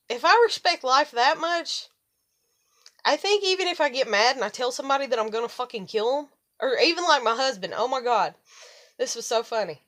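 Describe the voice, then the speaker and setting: Rambling, swearing woman vlogger. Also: fairly high pitch. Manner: rambling, profane, animated retelling. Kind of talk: casual monologue to camera.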